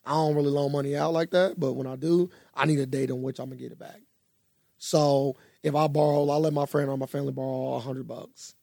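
Fast-talking gravelly young man. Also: mid-range voice, no room sound, studio quality. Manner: storytelling, animated, swears freely. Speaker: podcast co-host. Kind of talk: casual chat.

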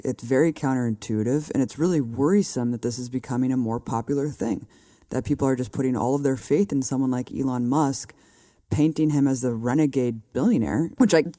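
A man from California co-hosting a political podcast, chatting loosely and peppering his speech with "like." His voice is dark and mellow, recorded close and dry. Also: medium pitch, brisk, dry recording. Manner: casual, fills his speech with "like". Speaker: podcast co-host. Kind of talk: casual political podcast chat.

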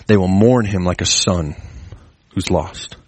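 A man preaching a sermon in an earnest way, his pitch climbing as he presses his points. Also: measured pace, a little mellow, husky, no echo. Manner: earnest, rising pitch when stressing a point. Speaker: pastor.

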